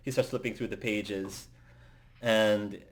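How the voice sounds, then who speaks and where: A man narrating a tabletop game as game master, in a halting way with many fillers and restarts. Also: fairly low pitch, steady tone.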